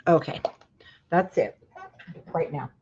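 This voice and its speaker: Woman, from Utah, craft tutorial host, chatty with asides, slightly low voice, muffled lo-fi audio. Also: slow, noisy background. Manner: chatty, breaks off into asides to her husband and viewers.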